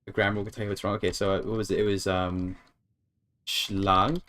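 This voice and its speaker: A man streaming a game in casual talk, thinking aloud as he works through a translation, with halting restarts and tries at German words. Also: low voice, flat delivery, a bit bright. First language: English.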